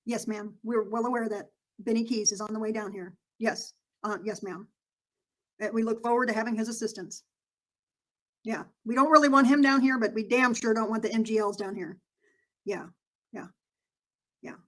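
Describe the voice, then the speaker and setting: A woman's voice: fairly high pitch, normal speed, pauses often, lightly acted, low-quality recording. A woman voicing a courteous male small-town police officer in a put-on Southern accent, full of "yes, ma'am" and formal politeness. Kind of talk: comedic role-play.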